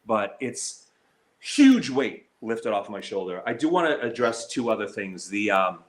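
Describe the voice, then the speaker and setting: A male slots streamer speaks unhurriedly in a sing-song voice, though his live-stream talk is hurt and heated and riddled with fillers and restarts. He mocks others' words in a shrill high voice.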